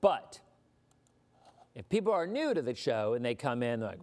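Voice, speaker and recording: Animated, rambling male livestream host. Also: medium pitch, normal speed, pauses often. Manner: rambling, animated, mock-indignant asides. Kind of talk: casual livestream chat.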